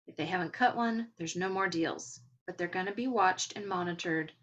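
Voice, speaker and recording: A woman hosting a podcast, talking in a gentle, encouraging and rambling way as she comments on spiritual topics. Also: on the low side, moderate pace, few pauses, a little hiss or hum. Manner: rambling, with filler words. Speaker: podcast host.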